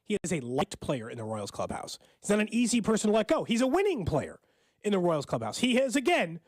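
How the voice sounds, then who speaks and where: A high-pitched man co-hosting sports radio, his voice jumping around as he gives opinions. Close, dry studio sound. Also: brisk, no echo. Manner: opinionated, animated, thinks aloud. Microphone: studio microphone.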